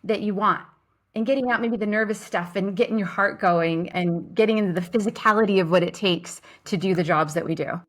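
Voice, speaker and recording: A woman's voice: medium pitch, fairly quick. An upbeat woman hosts a podcast interview, speaking with gushing, emphatic enthusiasm. Her voice comes through a video-call connection. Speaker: podcast host.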